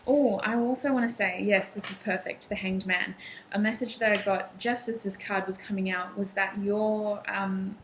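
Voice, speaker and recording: A woman's voice: medium pitch, fairly even intonation, normal speed, a little hiss or hum, low-quality recording. A woman whose first language is not English, giving a chatty, encouraging tarot reading with frequent ums and restarts. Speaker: tarot reader.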